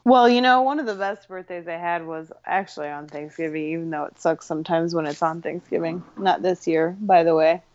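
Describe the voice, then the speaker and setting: A woman's voice: lowish voice, a little fast, hardly any pauses, darkish tone, muffled recording. A young woman co-hosting a podcast in casual banter, sarcastic and laughing often. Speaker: podcast co-host.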